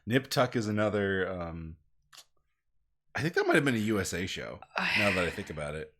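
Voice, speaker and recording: A man's voice: low voice, animated, moderate pace, a bit bright. A man chatting casually as a co-player, rambling and hesitant with a wry sense of humor. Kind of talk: casual chat over a game.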